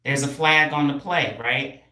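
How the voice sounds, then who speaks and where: A woman streams live from her home, teasing and calling out to viewers in a loud, playful way. Her voice is low for a woman but bright and forceful, and the room around her rings with echo. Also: a little slow. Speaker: hair stylist and educator. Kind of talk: casual live stream talk.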